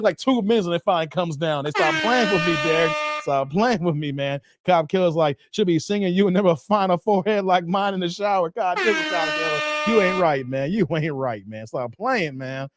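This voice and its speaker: Loud joking man roasting. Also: sits high. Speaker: host reacting to a clip and reading live chat. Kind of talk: casual live-stream commentary.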